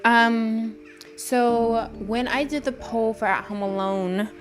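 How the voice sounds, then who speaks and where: A woman's voice: a little high, steady tone, slow. A tired woman streamer chatting casually on a live stream, rambling with lots of fillers. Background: background music.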